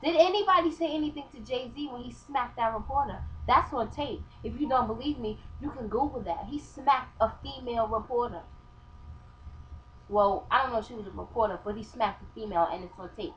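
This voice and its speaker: A woman's voice: fairly high pitch, fairly quick, a bit bright. A woman chatting in a casual vlog, heated and passionate as she argues her point. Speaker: vlogger. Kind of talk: casual opinion chat. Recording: dull lo-fi webcam sound with faint hiss.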